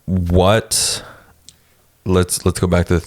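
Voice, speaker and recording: Male podcast host, very deep voice, laid-back and jokey. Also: extremely slow. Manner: relaxed, jokey, laughs easily. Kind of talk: casual conversational interview.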